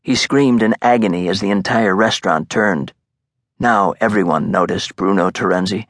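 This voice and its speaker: Low, gravelly male narrator. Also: moderate pace, a bit bright, no room sound. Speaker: audiobook narrator. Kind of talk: scripted narration. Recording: dry, close studio sound.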